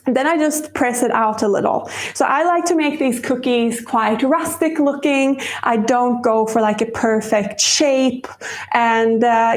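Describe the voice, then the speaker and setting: Chatty woman with a gravelly voice. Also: on the high side, reverberant. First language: Swedish. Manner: chatty, rambling, laughs often. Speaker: cooking show host. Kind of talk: casual live-stream baking demo.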